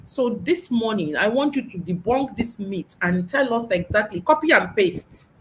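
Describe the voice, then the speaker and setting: A woman's voice: medium pitch, animated, moderate pace, poor audio. A woman hosts an interview, asking her guest questions in an encouraging way and murmuring agreement. A faint noise hums behind her voice. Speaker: host, interviewer.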